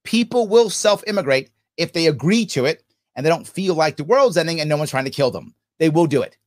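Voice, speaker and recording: A man's voice: on the high side, lively intonation, fairly quick. A man hosting a podcast, reading listener comments and giving emphatic commentary that repeats its points. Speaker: podcast host. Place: New York City.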